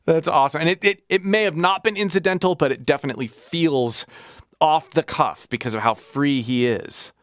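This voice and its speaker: A man's voice: on the high side, normal speed, no room sound. A man hosting a casual music breakdown, talking enthusiastically and analytically over the song he is playing. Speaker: music reaction host.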